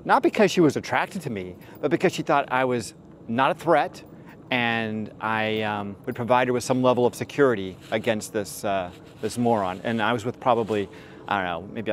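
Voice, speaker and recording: A man's voice: medium pitch, a little hiss or hum. Man rambling frankly with lots of fillers. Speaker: dating advice host. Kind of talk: casual storytelling monologue.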